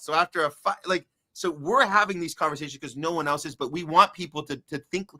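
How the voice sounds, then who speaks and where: A man's voice: on the high side, fast, hardly any pauses, sharp tone, dry recording, studio quality. A man hosting a podcast in casual chat, joking and chatty, talking straight to his listeners. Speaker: podcast host.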